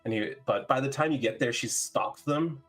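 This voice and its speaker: A man narrating as game master of a tabletop game, relaxed and full of fillers. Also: mid-range voice, normal speed, soft background music.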